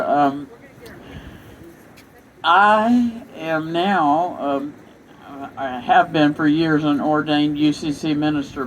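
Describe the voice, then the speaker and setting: A man's voice: a little high, fairly bright tone, a little hiss or hum, rough recording. Earnest man, minister at a vigil. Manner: earnest, halting, searching for words. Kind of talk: impromptu remarks to a crowd. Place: outdoor town square.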